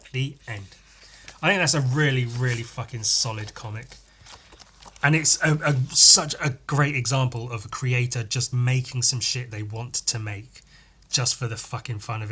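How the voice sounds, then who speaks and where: A man hosting a podcast who reads through a comic and raves about it in loose, casual chat. He swears freely and laughs often, and his voice has a bright, forceful edge. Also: mid-range voice. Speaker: podcast host.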